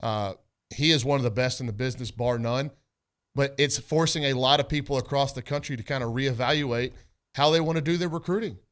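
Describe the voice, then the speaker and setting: A man's voice: mid-range voice, brisk, a bit bright. A male sports radio host arguing his points emphatically, speaking directly to his listeners and co-hosts.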